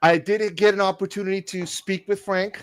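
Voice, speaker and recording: A man co-hosting a geek podcast, telling stories in an excited, casual way and swearing freely. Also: high-pitched, brisk, no room sound. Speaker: podcast co-host. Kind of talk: casual chat.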